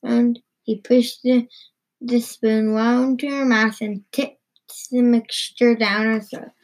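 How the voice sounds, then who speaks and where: A woman reading a children's story aloud in a halting way, often stumbling and repeating words. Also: on the high side, flat delivery, rough recording. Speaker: reader.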